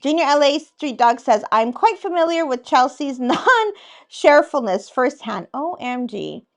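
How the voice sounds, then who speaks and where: A woman's voice: high-pitched, very animated, a little slow, faint music behind. A woman hosting a casual livestream chat, reading viewer comments aloud in a playful, teasing way and laughing often. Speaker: livestream host.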